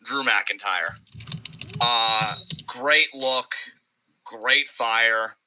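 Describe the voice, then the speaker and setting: A young man co-hosting a wrestling podcast, talking casually and profanely and slipping into quick impressions of wrestlers. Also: medium pitch, pushed and bright, rough recording. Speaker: podcast co-host.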